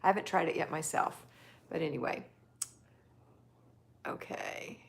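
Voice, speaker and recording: Low-pitched and creaky, a woman talks quickly while hosting a casual livestream, chatting affectionately and reading out her viewers' comments.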